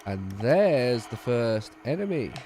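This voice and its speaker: A man's voice: medium pitch, big pitch swings, takes it slowly, warm tone, slight background noise. A man streaming a game, tired and yawning, making wry, sardonic asides. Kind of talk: gameplay commentary.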